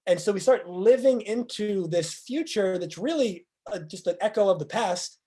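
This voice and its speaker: Earnest man with a high, warm voice. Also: moderate pace. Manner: earnest, acts out quoted speakers in lively voices; repetitive rhetorical questions. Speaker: motivational speaker. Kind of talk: motivational presentation.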